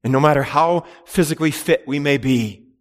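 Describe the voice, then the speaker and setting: A man's voice: fairly high pitch, moderate pace, big-room sound. A man preaching a sermon in an earnest, emphatic way, with repeated phrases and rhetorical questions. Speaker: pastor.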